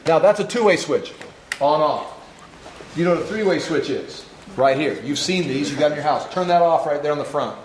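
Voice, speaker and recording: A man's voice: on the high side, expressive, normal speed. Man teaching wiring in an echoey classroom. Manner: step-by-step, checks that students follow. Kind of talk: hands-on classroom demonstration. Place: classroom workshop. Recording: echoey classroom, faint noise.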